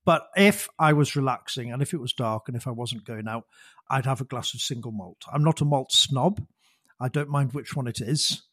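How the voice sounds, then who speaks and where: A man's voice: mid-range voice, moderate pace, a bit bright, no echo, studio quality. A man speaking as a podcast guest in casual chat, self-deprecating, laughing often and repeating words as he goes. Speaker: guest, former gamekeeping organisation chairman.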